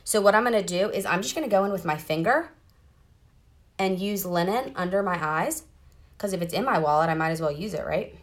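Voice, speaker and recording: A chatty woman, talking straight to her viewers as she walks them through her makeup on a live stream. Her voice sits at a middle pitch, and she sounds bubbly and friendly. She is recording from inside a car. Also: lively intonation, fairly quick. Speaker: makeup seller doing a live demo. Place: parked car.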